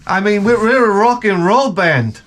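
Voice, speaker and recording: A man's voice: high voice, lively intonation, moderate pace, fairly bright tone, pitched above the performer's own voice. A man putting on an exaggerated English accent to mock bickering rock musicians. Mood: dismissive. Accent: put-on English. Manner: exaggerated, mocking.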